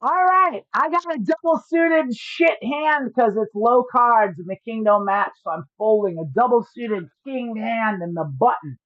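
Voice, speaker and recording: A woman's voice: fairly high pitch, unhurried, few pauses, no room sound. A woman streaming poker online, explaining her hands in a joking and profane way. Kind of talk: livestream commentary. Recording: dry, slightly dull lo-fi audio.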